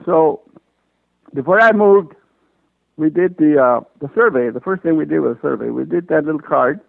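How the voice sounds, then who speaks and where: A man's voice: a little high, normal speed, gravelly, dry recording, phone-quality sound. An older man telling his story in an oral history interview, acting out the dialogue he remembers.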